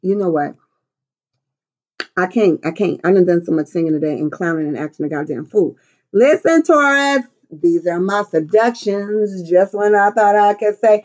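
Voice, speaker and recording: A woman's voice: mid-range voice, normal speed, darkish tone. A middle-aged woman giving a casual tarot reading, brash and profane, clowning around with silly voices and bits of song. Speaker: tarot reader.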